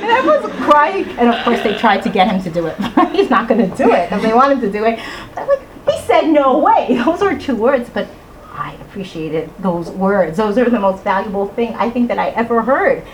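A middle-aged woman telling a personal story to an audience in an animated way, acting out voices and rhyme lines. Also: medium pitch, fairly quick, slight background noise, low-quality recording. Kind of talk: storytelling talk.

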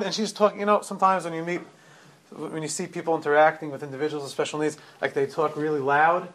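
A man's voice: fairly high pitch, steady tone, fast, fairly bright tone. A middle-aged man giving a storytelling sermon, retelling events animatedly with frequent restarts and repeated words.

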